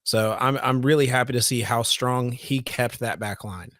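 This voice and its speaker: A man's voice: medium pitch, normal speed, fairly bright tone, no echo, clean studio sound. A man co-hosting a casual sports podcast, talking with enthusiasm and often restarting and repeating his words. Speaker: podcast co-host.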